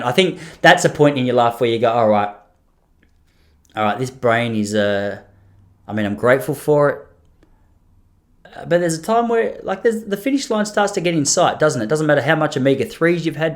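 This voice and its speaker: A man in his thirties hosting a podcast, rambling through stories with self-deprecating jokes. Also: on the high side. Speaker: podcast host. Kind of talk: casual comedic solo podcast monologue.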